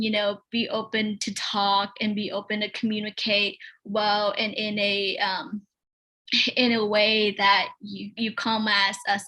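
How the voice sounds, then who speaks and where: Bright-voiced woman. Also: medium pitch, low-quality recording. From North Carolina, US. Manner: hesitant, many fillers and restarts. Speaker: panelist. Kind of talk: panel discussion.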